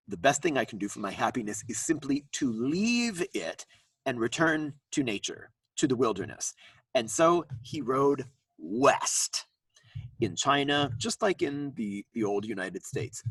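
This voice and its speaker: A male lecturer talks slowly and playfully, his pitch swooping up and down as he sings out examples. His voice has a slight husk. It is recorded dry, from a mic set some distance away. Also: husky, no room sound. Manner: animated, sings out tones, playful asides. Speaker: university lecturer.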